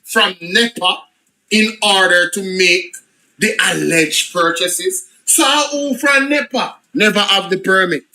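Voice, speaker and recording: A Jamaican man with a high, very sharp and bright voice reads an official report aloud. He drops into patois asides between the formal passages. He often stops to repeat phrases for emphasis. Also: slow, poor audio. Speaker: political commentator. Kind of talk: reading a report aloud with reactions.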